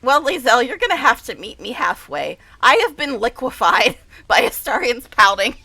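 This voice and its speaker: A woman's voice: on the high side, big pitch swings, moderate pace, few pauses, sharp tone, dry recording. A woman streamer giving casual gameplay commentary, gushing and dramatic, laughing often. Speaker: game streamer.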